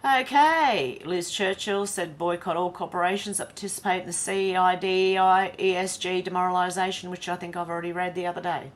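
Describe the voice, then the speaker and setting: A woman's voice: fairly low pitch, fairly even intonation, fairly quick, hardly any pauses. A woman with an Australian accent, hosting a casual live-stream commentary, blunt and chatty as she greets viewers by name. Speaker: commentary channel host.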